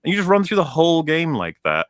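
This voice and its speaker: A young man ranting on a stream about a video game, animated and profane. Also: a little high, fast talker, dry recording, clean studio sound. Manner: animated, profane, mocks characters in put-on voices. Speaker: stream guest.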